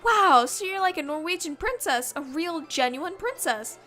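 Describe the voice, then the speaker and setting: A woman voicing excitable teenage schoolgirls who gush over a new classmate. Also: very high voice, normal speed, faint music behind, pitched above the performer's own voice, full character voice. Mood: awed. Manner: gushing, excitable.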